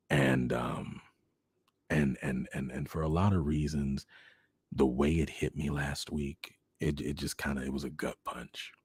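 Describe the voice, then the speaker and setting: A very deep-voiced man hosts his own livestream and speaks earnestly to his audience. His voice is gravelly and heavily husky, and he often sinks into hushed, half-whispered phrases. The sound is dry and close to the mic. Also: no echo. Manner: earnest, expressive, dips into hushed near-whispers. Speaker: host. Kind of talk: heartfelt direct-to-camera livestream talk.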